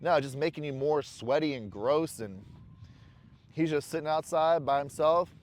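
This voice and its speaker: A man's voice: fairly high pitch, moderate pace. A man in a casual motivational vlog, talking to camera bluntly and with profanity, candid and rambling while smoking a cigar. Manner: blunt, profane self-talk. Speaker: vlogger.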